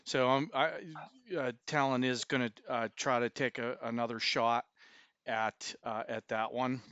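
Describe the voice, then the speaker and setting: Slow, smooth-voiced man at a game table. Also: mid-range voice, flat delivery, a bit bright, no echo, highs cut off. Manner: slow, measured describing of his character's actions. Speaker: player.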